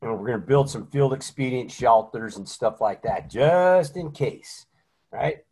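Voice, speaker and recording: A man swaps blunt, profane stories from his service days in a relaxed chat. His telling is animated, and he often ends his sentences with a tag like "right?" or "man.". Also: mid-range voice, normal speed, slightly rough. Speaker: military veteran guest. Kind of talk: casual chat.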